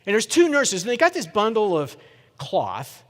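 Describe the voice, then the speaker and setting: Animated middle-aged man telling a keynote story. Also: high voice, moderate pace. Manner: animated storytelling, questions the audience. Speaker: keynote speaker. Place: conference hall. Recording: reverberant conference hall.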